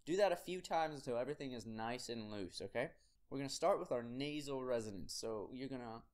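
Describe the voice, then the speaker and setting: A man teaching singers a quick vocal warm-up routine, giving upbeat, direct instructions to the viewer. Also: medium pitch. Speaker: singing teacher.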